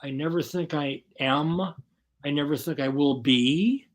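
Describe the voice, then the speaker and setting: A man as an interview guest, telling his story bluntly and profanely in casual, animated talk. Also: fairly high pitch, unhurried.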